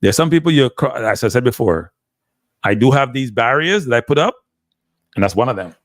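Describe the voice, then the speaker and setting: A man's voice: medium pitch, animated, fairly quick, no room sound, clean studio sound. A man with a Jamaican accent hosting a live stream, talking casually and switching between standard English and patois. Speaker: live show host.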